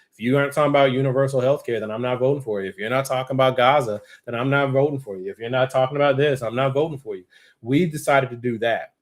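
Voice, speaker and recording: A man hosting a political talk show, arguing with passion and rhetorical questions. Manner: impassioned, rhetorical, pitch rising when worked up. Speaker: show host. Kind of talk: political commentary.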